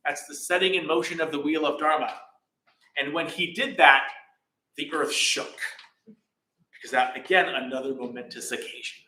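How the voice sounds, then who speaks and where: Guy telling a buddhist story at a temple, bright voice, loose chatty style, lots of ums, echoey room. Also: a little high, normal speed, pauses often. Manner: relaxed, chatty, many fillers and restarts. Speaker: temple teacher. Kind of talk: casual dharma talk storytelling. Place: temple hall. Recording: echoey hall.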